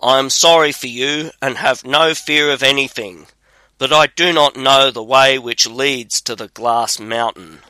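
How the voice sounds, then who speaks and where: A man's voice: mid-range voice, fairly even intonation, unhurried, bright, forceful tone, smooth, no room sound, poor audio. A man reading the lines of a fearless, crafty young drummer. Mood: bold.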